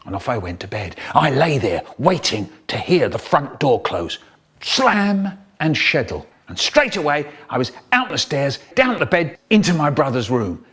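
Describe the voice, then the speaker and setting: Lively man telling a story. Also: medium pitch, moderate pace, husky. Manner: lively, vivid storyteller who acts out the scenes. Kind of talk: comic childhood storytelling, chopped by remix edits.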